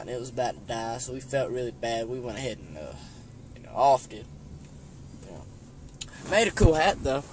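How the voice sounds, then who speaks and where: This young vlogger's mid-range voice carries a slight hiss or hum as he tells a meandering, foul-mouthed hunting story. He leans on "you know" constantly, in the loose style of casual storytelling.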